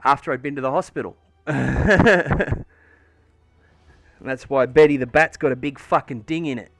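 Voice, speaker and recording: A man's voice: mid-range voice, moderate pace, vocal fry, fairly bright tone, soft background music. An Australian man livestreaming from home, chatting casually and rambling through a story with plenty of swearing and fillers. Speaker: livestreamer painting miniatures. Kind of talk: casual chat while painting on stream.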